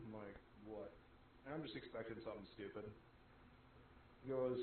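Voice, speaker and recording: A man's voice: medium pitch, fairly even intonation, moderate pace, pauses often. A man chatting casually on a stream, dropping dry jokes. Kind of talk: casual chat. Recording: echoey tinny voice-chat line with faint noise.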